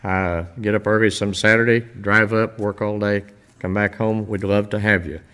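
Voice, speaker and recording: An older man speaking informally to a church congregation, telling stories in a folksy, rambling way with many pauses. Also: on the low side, level tone, fairly bright tone, clean tone. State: emotional, voice dropping. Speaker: visiting church-building minister.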